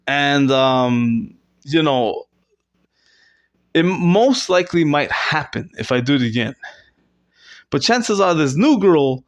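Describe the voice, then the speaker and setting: With lively intonation, a slow pace, and long pauses, a comedy vlogger works through a rambling, self-mocking improvised monologue. He stumbles over fillers and restarts and occasionally bursts into squeaky fake sobs. The microphone is close to the camera.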